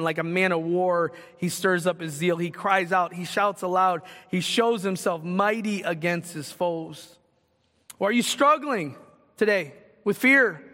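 High-voiced pastor preaching in a hall. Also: male voice. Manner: animated preaching with rhetorical questions. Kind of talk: sermon.

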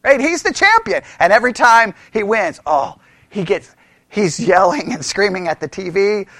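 A man leading a Bible study, animated, laughing often and asking the group rhetorical questions. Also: sits high, normal speed, no room sound.

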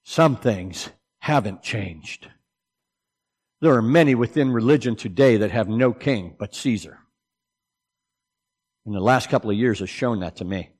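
A man preaching a sermon, swinging between loud, emphatic declarations and low, hushed asides. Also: normal speed, big-room sound.

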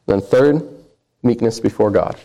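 A man's voice: on the low side, unhurried, warm tone. A man preaching a sermon, reading scripture aloud with earnest emphasis.

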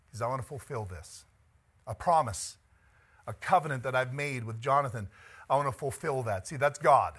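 A man's voice: mid-range voice, normal speed, long pauses, fairly bright tone, husky. A middle-aged man preaching a conversational sermon as pastor, chatty and joking, laughing often and moved by the text.

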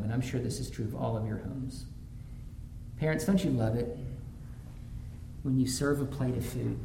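A man's voice: mid-range voice, gravelly, dark tone. A man preaching a sermon as pastor, telling stories from his own family life and rising to fervent emphasis. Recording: roomy echo, faint background noise.

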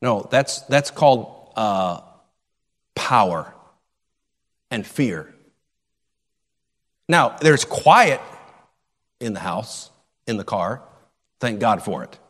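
A man's voice: fairly low pitch, animated, drawn-out words, long pauses, fairly bright tone. A middle-aged male pastor preaching a sermon, repeating key phrases for emphasis. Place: church sanctuary. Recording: long reverb of a church hall.

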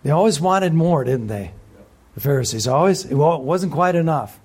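A man preaching a sermon who speaks with energy, often asks the audience questions, and drops to a hush for emphasis. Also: on the high side, lively intonation, moderate pace, husky. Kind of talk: expository sermon.

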